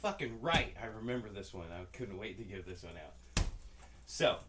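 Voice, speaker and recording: With a fairly low, sing-song voice at a moderate pace, this podcast co-host spins loose, profane stories and performs the quoted lines himself. Background noise can be heard.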